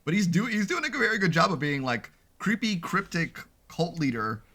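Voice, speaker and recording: A man's voice: fairly high pitch, very animated, moderate pace, sharp tone. A man co-hosting a casual podcast, chatty and loose, leaning on fillers like "I mean". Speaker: podcast co-host. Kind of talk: casual chat.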